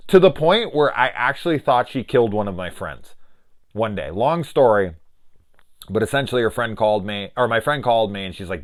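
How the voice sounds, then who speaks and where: A man's voice: fairly low pitch, expressive, normal speed. A young man reviewing a horror film in casual chat, swearing freely and trailing into restarts as he rambles into a personal story.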